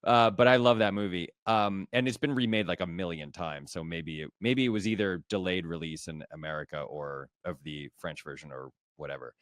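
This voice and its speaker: A male co-host with a lowish voice, speaking in a relaxed, wry way and dropping dry jokes. The recording is close and dry, with no room echo. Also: fairly quick, few pauses. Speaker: podcast co-host. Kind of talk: casual chat.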